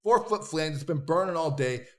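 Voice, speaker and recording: A man telling stories as a podcast guest, animated and profane, acting out what others said in bursts. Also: on the high side, normal speed, noisy background. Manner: animated, profane, acts out quoted voices. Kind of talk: casual interview storytelling.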